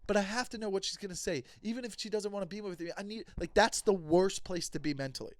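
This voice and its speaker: A man with a high voice tells a story on his podcast as a heated, profane rant. He switches between himself and the people in the story, and the sound is close and dry. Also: fast, dry recording. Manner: acts out both sides of conversations. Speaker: comedian and podcast host. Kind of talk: casual storytelling monologue.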